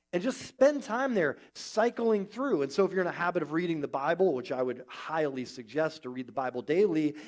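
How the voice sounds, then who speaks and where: Man, pastor, sermon in a church, high voice, conversational, animated.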